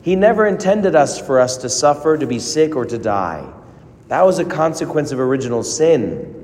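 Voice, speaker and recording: A man preaching a sermon as a priest, earnest, with dramatic pauses and rising emphasis. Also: on the high side, big pitch swings, darkish tone. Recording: long reverb of a large hall.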